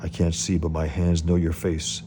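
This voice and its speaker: A man's voice: sits low, monotone, moderate pace, background noise, natural voice. A man reading aloud as a grief-stricken male hero who is obsessed and brooding. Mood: obsessive. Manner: intense, brooding.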